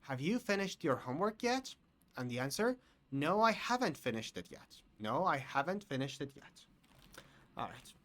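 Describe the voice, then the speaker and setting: A man teaching an English grammar lesson to learners, talking slowly and clearly and repeating each example sentence. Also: fairly high pitch, very animated, a bit bright.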